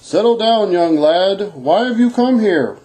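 A woman's voice: medium pitch, animated, a little slow, dark tone, slight background noise, lightly acted, poor audio. A woman voicing a jolly, kind old Santa Claus in a storybook reading, speaking heartily.

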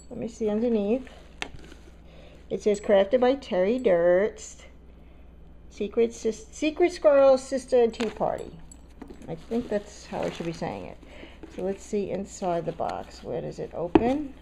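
A woman's voice: mid-range voice, vocal fry, warm tone, slight background noise. A woman chatting to camera as she unboxes a gift, gushing and gasping, repeating her exclamations. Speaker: craft vlogger opening a swap box. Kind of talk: excited unboxing chat to camera.

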